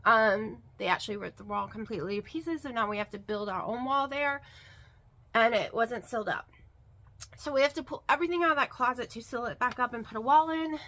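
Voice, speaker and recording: A woman vlogger chats to her camera in a high, bright voice. She rambles with fillers and repeats words for emphasis. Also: a little fast. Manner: rambling and chatty, with many fillers. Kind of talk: casual chat to camera.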